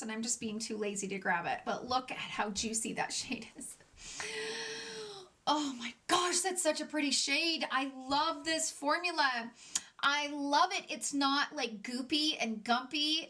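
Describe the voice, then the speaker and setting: High bright voice, excitable chatty woman doing a makeup review vlog. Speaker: beauty vlogger. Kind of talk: casual product review.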